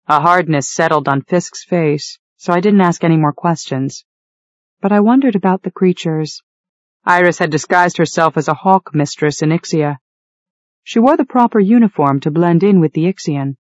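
A woman narrating a novel in the first person, in an even, measured storytelling manner. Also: sits low, no room sound. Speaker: audiobook narrator. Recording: dull, dry studio read.

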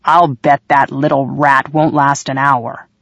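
A woman's voice: sits low, sing-song, a little slow, no echo, exaggerated voice. Woman putting on a jeering kitchen gossip. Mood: taunting. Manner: scornful, taunting. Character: mocking woman kitchen gossip taking bets. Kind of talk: audiobook character voice.

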